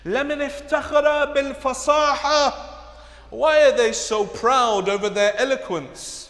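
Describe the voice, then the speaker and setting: High-voiced man preaching in an echoey hall. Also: fast talker. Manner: dramatic storytelling with rising shouted peaks. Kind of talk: sermon. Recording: echoey hall, long reverb.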